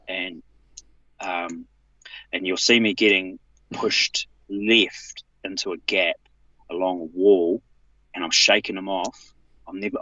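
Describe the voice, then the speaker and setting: Nz guy telling his story, stops and restarts a lot, punchy bright voice, dull lo-fi sound. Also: dry recording. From New Zealand. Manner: emphatic, halting with restarts, rising in pitch when retelling his protests. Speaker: show guest. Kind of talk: casual personal account.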